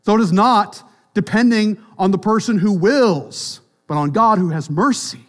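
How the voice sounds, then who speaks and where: Man preaching a sermon, high voice, emphatic, loud then hushed, church. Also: a little slow. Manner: emphatic, rises and drops sharply in pitch and volume. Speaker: pastor.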